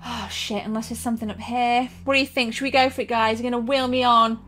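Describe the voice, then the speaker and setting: A young woman with a fairly high voice streams her gameplay live. She reacts in a jumpy, excitable way, swearing freely and gasping between quick remarks to her chat. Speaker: streamer playing a retro shooter.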